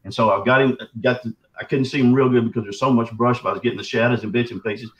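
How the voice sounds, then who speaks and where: A man with a sore throat, telling a story as a podcast guest in a folksy, animated way. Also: medium pitch, fast, low-quality recording. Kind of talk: casual storytelling.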